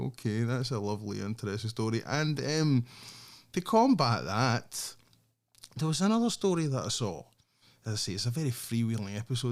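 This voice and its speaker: A man's voice: on the high side, darkish tone. Sweary Scottish man podcasting solo. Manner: sweary, laughs often, sardonic. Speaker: podcast host.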